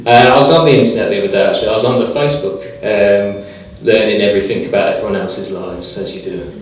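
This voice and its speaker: A man performing a stand-up comedy set on a small club stage, delivering deadpan one-liners with hesitant fillers. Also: lowish voice, fast, a little hiss or hum. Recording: echoey, distant, dull live club recording.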